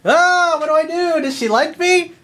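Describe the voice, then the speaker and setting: A man's voice: normal speed, sharp tone. A man doing a fretful, dithering young guy. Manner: whiny, fretful, high-pitched.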